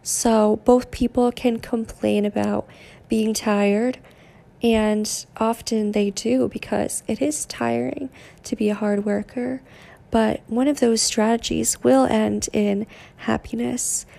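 A young woman hosting a podcast, giving a casual motivational monologue in a deadpan, monotone way. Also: fairly high pitch, slow pace, creaky. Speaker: podcast host.

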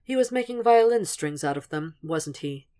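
A woman reading the lines of a cultured, menacing male psychiatrist in a quiet, dry, measured murmur. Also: sits low, lively intonation.

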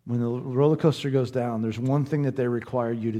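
A man's voice: medium pitch, steady tone, fairly quick, warm tone. Male pastor, from southern indiana, earnest, encouraging, conversational sermon, mid-range voice.

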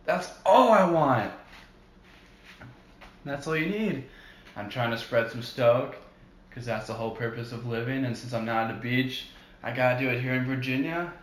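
Young guy, co-host, casual and goofy, slangy surfer talk, middle pitch, echoey room. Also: moderate pace, long pauses, a little hiss or hum. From New Jersey. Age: young adult. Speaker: podcast co-host. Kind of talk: casual chat.

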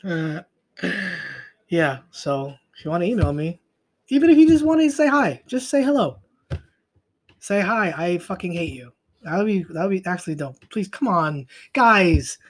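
Profane rambling young man podcaster. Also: high-pitched. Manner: profane, rambling, trails off into mutters. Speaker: podcast host. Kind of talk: casual solo podcast rant.

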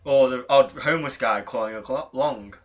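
A man's voice: mid-range voice, normal speed. A young man in his twenties, a former university student, telling stories casually and laughing often. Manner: animated storytelling, laughing often. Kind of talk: casual chat.

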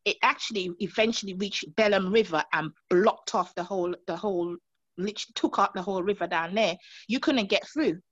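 A woman from Montserrat relives a frightening day for an interviewer, her pitch leaping high as she acts out each voice in the story. The recording is dry and a little dull. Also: fairly quick, dry recording. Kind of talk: emotional personal recollection.

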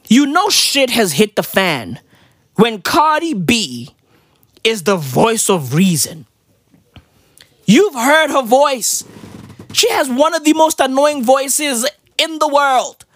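Woman ranting for laughs, high voice all over the place, rambly, dry close sound. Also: a bit bright, dry recording. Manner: rambling, exclamatory, keeps asking "right?". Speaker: comedian. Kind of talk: irreverent comedic rant.

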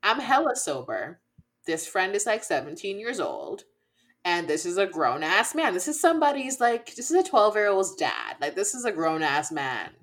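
A woman co-hosting a chat podcast, her pitch swinging widely as she talks. She is blunt and laughs a lot, and she acts out quoted lines. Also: sing-song, moderate pace, a bit bright. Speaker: podcast co-host. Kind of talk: casual chat.

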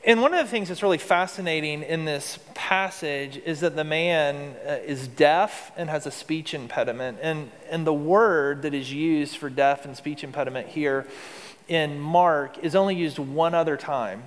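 A man's voice: fairly high pitch, moderate pace, in a large hall. A man preaching a sermon as pastor, in an earnest, conversational way with rhetorical questions.

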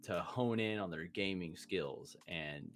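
A man's voice: sits low, slow. A man in casual podcast chat with a friend, rambling and profane, laughing often. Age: adult, a parent.

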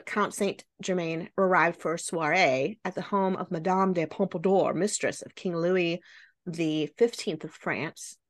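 A woman's voice: lowish voice, fairly bright tone. Chatty female podcast host, casual storyteller, lots of filler. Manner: chatty, many fillers like "right?" and "like".

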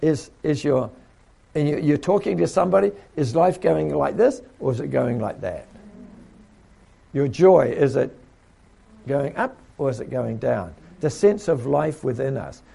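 A man's voice: on the high side, animated, a little slow, vocal fry, warm tone, breathy edge. A man preaching a sermon in a conversational way, repeating himself and acting out little quotes.

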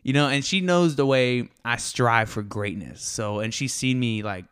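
A young man speaks quickly and with animated excitement on his solo podcast. His voice sits at an ordinary middle pitch, and he talks in a casual, conversational way. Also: smooth. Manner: fast, excitable, animated storytelling. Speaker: podcast host.

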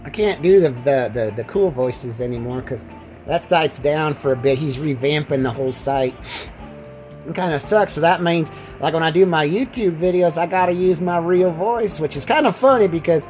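A man's voice: on the high side, normal speed, darkish tone, faint music behind, low-quality recording. A man hosting a casual podcast, rambling and repeating himself while joking around as he lies down. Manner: rambling, repeats words, jokey. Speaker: podcast host. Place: lying down indoors.

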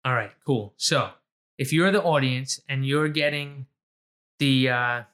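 A man's voice: mid-range voice, a little slow, a bit bright. A man running a casual trivia quiz with a friend, playful and teasing, laughing often. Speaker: trivia quizmaster. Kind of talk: casual chat.

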